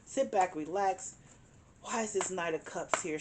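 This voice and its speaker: A woman's voice: mid-range voice, normal speed, background noise. A woman giving a tarot card reading, speaking emphatically, repeating her points and chuckling now and then. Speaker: tarot reader.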